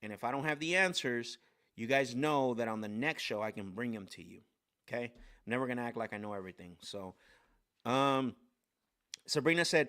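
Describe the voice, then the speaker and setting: Brief: male host, mid-pitched voice, lively unscripted coaching talk, fast storytelling full of restarts and "right?" tags. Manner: energetic storytelling, many restarts and fillers. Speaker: sales coach hosting a live stream. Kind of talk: casual live-stream coaching talk.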